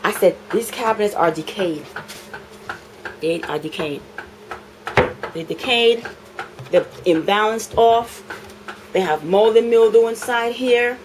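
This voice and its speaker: A woman's voice: mid-range voice, slow pace, long pauses, noisy background. Indignant New woman venting at home. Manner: indignant, emphatic, repeats phrases for effect. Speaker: tenant filming a complaint. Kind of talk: impassioned complaint vlog. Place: her apartment, indoors.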